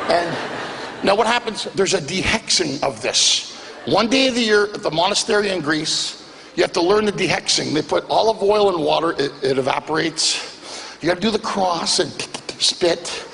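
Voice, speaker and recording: High, gravelly stand-up comedian. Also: male voice, big-room sound, a little hiss or hum. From Canada. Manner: animated, excitable storytelling. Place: comedy club stage, live show.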